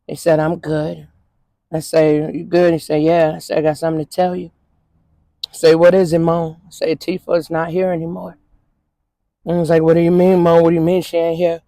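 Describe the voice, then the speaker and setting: A woman from Minnesota's Twin Cities, interviewed as a guest, shares an emotional personal story in a loose, repetitive, conversational way, often saying "you know what I'm saying." Her voice sits on the low side and sounds mellow. The recording is rough but has no echo.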